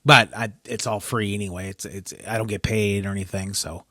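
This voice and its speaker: Casting: man, low pitch, dry close sound, annoyed solo podcaster who keeps losing his thread. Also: fairly even intonation, brisk, bright, forceful tone, no room sound. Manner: frustrated, rambling, self-interrupting. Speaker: podcast host.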